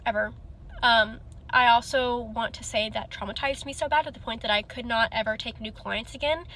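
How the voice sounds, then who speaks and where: A woman's voice: a little high, a bit bright. A woman hairstylist telling a storytime in a rambling way, full of "like" fillers. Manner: rambling, heavy use of "like". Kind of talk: casual storytime.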